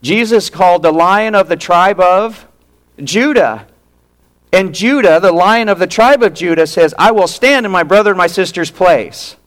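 A male pastor preaching a sermon, retelling a story with animated acted-out quotes and hushed drops for emphasis. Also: high voice, normal speed.

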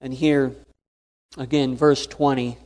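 Earnest preacher in a reverberant hall. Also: male voice, medium pitch, little pitch movement, slow pace, a little mellow. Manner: earnest, repetitive emphasis. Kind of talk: sermon.

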